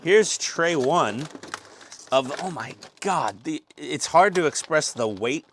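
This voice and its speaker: A man's voice: on the high side, animated, slow pace, fairly bright tone, slight background noise. A man hosting a casual hobby build vlog on a lapel mic, joking, rambling and mocking himself. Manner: jokey, self-mocking, rambling. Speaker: host.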